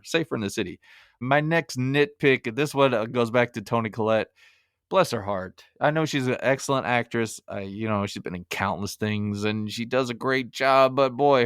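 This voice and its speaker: A man reviewing a film on his podcast, casual and wry, poking fun at himself as he goes. His voice is smooth and clear, with a dry close-mic sound and no room around it. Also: medium pitch, dry recording. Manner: wry, self-mocking humor with chuckles. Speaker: podcast host. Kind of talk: casual movie review monologue.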